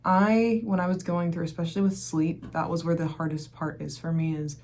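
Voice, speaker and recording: Low-voiced young mom, candid and rambling. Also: female voice, little pitch movement, normal speed, darkish tone, a little hiss or hum. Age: young adult. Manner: candid, rambling, many fillers like "like". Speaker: mom vlogger. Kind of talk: casual faith-based vlog talk.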